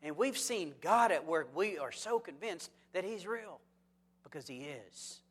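A man preaching a lively sermon, throwing rhetorical questions at the congregation with joking asides. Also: sits high, measured pace, breathy edge. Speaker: pastor. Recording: long hall reverb.

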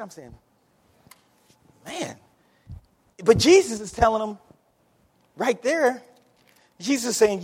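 A male pastor preaches in a folksy, storytelling way, weaving homespun asides into his sermon. His voice sits a little high for a man. The sound carries a long hall reverb, as from a church sanctuary. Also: husky.

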